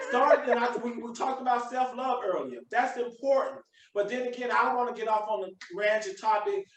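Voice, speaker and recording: A man's voice: very high voice, moderate pace, distant mic, a little hiss or hum. A man hosting a podcast, giving a preachy motivational talk with emphatic repetition. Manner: preachy, emphatic, repeats himself. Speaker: podcast host. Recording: echoey room, away from mic.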